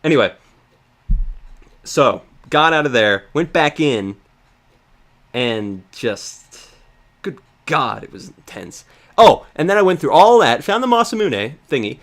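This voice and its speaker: A man casually recapping a video game in a rambling, profane, excitable rant. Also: a little high, unhurried, pauses often. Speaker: let's play host.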